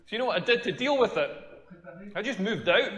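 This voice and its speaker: A Scottish man doing a crude stand-up routine, telling stories in an animated way with a lot of "like". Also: high voice, brisk, reverberant, in a large hall, muffled recording. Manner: crude, animated storytelling with repeated "like". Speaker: stand-up comedian.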